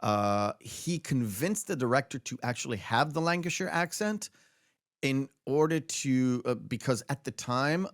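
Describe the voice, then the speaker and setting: A man's voice: mid-range voice, expressive, a little slow, dry recording, studio quality. A man hosting a casual movie podcast, rambling through trivia with many fillers and restarts. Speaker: podcast host.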